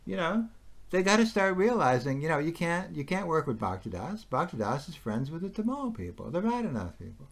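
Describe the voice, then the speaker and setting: A man's voice: on the high side, big pitch swings, fairly quick, vocal fry. A man in a heated casual conversation, agitated and repetitive, firing rhetorical questions and laughing between points. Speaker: conversation partner.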